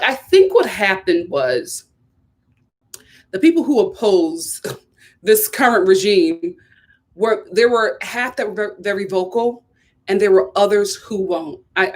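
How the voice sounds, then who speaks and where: A woman from Philadelphia hosting a casual live stream, chatty and animated, repeating herself and laughing often. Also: medium pitch.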